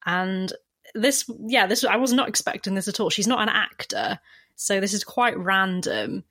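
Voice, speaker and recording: A woman's voice: medium pitch, lively intonation, moderate pace, fairly bright tone. A woman co-hosting a podcast, recapping a film in wry, casual chat. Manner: chatty, wry, summarizing plot with dry jokes. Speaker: podcast co-host.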